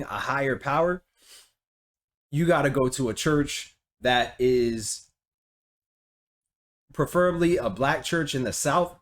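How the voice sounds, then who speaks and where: A man hosting a reaction video, talking in a relaxed, reflective, conversational way. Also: medium pitch. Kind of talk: casual commentary.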